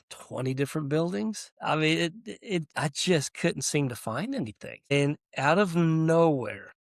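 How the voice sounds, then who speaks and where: Seorang pria pemilik usaha kecil membagikan kisahnya dalam obrolan podcast yang santai. Ia bercerita dengan hidup, sering terkekeh, dan memperagakan percakapan orang lain. Suaranya agak tinggi untuk seorang pria, dan rekamannya kering, dekat ke mikrofon. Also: male voice, on the high side, no room sound, studio quality. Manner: animated, acts out dialogue, chuckles often. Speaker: small business owner, podcast guest. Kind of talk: casual interview storytelling.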